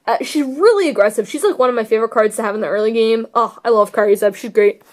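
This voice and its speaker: A young woman talks through her card deck in a loose, rambling vlog. Her voice sits a little high, and she gushes over favorite cards with plenty of fillers. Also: fast talker. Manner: gushing, rambling, filler-heavy. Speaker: card game vlogger. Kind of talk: casual deck tech chat.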